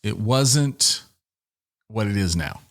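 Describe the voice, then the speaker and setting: A man's voice: fairly low pitch, expressive, slow. A middle-aged man hosting a casual podcast from a small office, speaking into a headset microphone and rambling with jokes and restarts. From Washington State. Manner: rambling, self-interrupting, joking. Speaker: podcast host. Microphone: headset and studio microphone.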